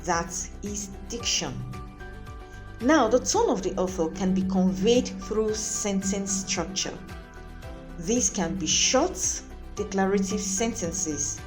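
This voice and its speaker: A woman's voice: medium pitch, expressive, slow, over music. A woman teacher giving a lesson, explaining points carefully, repeating them and checking in with her listeners. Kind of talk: classroom lesson on literary tone.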